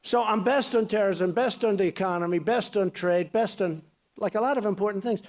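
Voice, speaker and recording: A man's voice: high voice, a little fast, a little mellow, slight background noise. Boastful rambling man giving a campaign speech. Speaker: political candidate.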